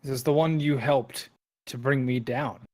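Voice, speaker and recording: A man voicing a wounded male giant who is bitter and scornful, speaking slowly and with weight, in a tabletop game. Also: mid-range voice, fairly even intonation, a little mellow, close to an everyday voice.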